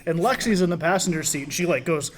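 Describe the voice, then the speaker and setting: A man co-hosting a podcast, telling a profane story in animated, casual banter. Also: fairly high pitch, quick pace. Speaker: podcast co-host.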